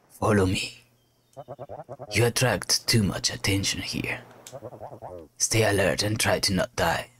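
A man's voice: sits low, slow pace, pauses often, a bit bright. A man voicing a cold, terse male ninja in a game. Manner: terse, clipped.

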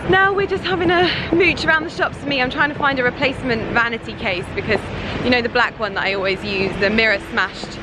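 A young woman, chatting excitedly to her handheld camera while out shopping, full of fillers. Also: fairly high pitch, fast. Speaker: vlogger. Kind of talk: casual vlog chat. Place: out and about in shops, streets and a bridal boutique. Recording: noisy street and shop audio.

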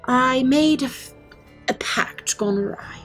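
A woman's voice: high-pitched, takes it slowly, fairly bright tone, faint music behind. A woman voicing a distressed female centaur, once human, who stammers and apologizes as she speaks. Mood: anxious, halting.

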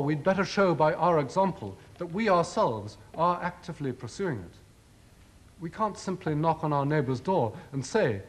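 A man lecturing formally on television. His pitch rises and falls in wide, animated swings. He builds his points rhetorically and leans on ironic emphasis.

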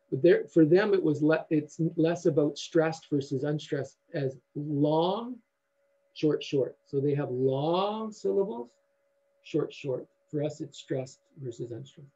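A man giving a university lecture in a halting way, with many fillers and restarts. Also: fairly high pitch, mellow, husky, highs cut off.

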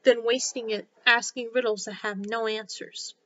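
Brief: woman doing a polite storybook girl, a touch higher, bright, lo-fi audio. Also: fairly even intonation, moderate pace, lightly acted. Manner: polite and earnest. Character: polite, curious young girl. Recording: slightly dull lo-fi recording.

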